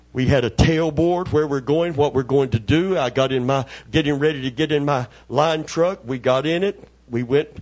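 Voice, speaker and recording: A man preaching, spinning a folksy story with lively voices. His voice sits fairly high for a man. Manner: folksy, animated, acts out voices. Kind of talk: storytelling sermon testimony.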